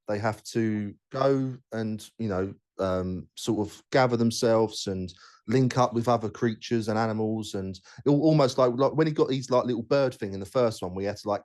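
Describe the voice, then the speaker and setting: A man's voice: medium pitch, darkish tone. A man hosting a casual podcast chat, talking bluntly and rambling with many restarts. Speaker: podcast host.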